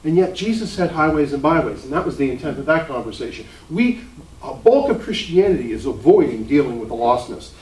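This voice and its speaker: A man's voice: medium pitch, expressive, brisk, a little mellow. A man teaching a ministry class in a sermon-like lecture, earnest and building to emphatic questions. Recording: roomy echo, mic at a distance.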